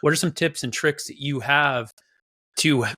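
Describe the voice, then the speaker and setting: A man's voice: fairly high pitch, a little slow, pushed and bright. A man hosting a podcast interview, speaking in a reflective, candid way and asking questions. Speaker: podcast host. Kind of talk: casual interview.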